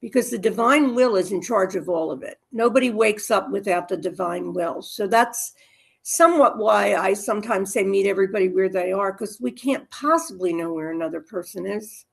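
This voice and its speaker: Woman, gravelly voice, earnest reflective spiritual sharing. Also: mid-range voice, normal speed. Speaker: group member sharing reflections. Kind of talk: spiritual reflection in a casual group.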